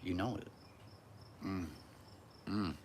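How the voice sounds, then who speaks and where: A man in his thirties with a deep, low voice drifts through a loose, profane monologue. The stream sounds like it is recorded outdoors, with crickets and passing traffic clearly audible behind him. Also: steady tone, takes it slowly, a little mellow. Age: 30s. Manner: musing, profane, wandering monologue. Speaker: live streamer. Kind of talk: rambling solo live stream. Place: outdoors on a hot day.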